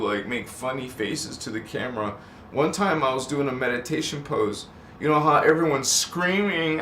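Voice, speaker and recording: Reading out viewer comments on his live stream, a middle-aged man with a mid-range, slightly bright voice keeps wandering off on tangents and laughing often. The audio carries a roomy echo and slight background noise.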